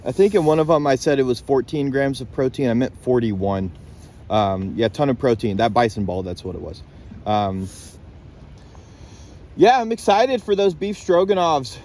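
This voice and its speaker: Camping alone on a lake island, a young man rambles casually into a handheld phone camera from his tent and by a campfire. His mid-range voice is expressive and darkish, at a moderate pace, and he's loose and laid-back with some swearing.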